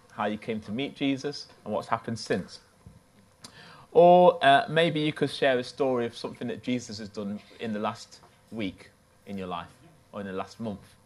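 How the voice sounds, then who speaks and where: A man from the United Kingdom with a fairly low voice preaches a sermon, telling a personal story in a loose, conversational way.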